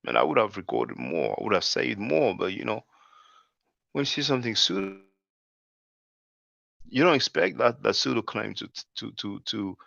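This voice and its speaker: Gravelly and on the low side, his slightly bright voice is very animated at a moderate pace, with frequent pauses and no echo. He hosts his channel in a loose commentary, calling viewers brothers and sisters and often saying "man," in a dull, dry lo-fi recording.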